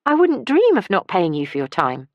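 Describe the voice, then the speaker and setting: A woman's voice: medium pitch, huge pitch swings, moderate pace, no echo, lo-fi sound, voice pushed up. A woman voicing an earnest young woman. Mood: insistent.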